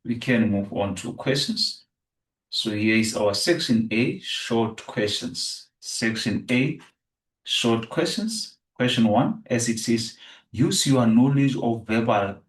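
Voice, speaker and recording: Male teacher for revision lesson, measured and slow, low voice, heard from a distance in a reverberant room. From South Africa. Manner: repetitive, restates each answer. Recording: echoey room, distant from the mic.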